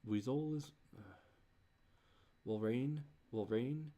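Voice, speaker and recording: A man thinking aloud while he composes, muttering in halting restarts and groaning at himself. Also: mid-range voice, warm tone. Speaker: creator working on a song.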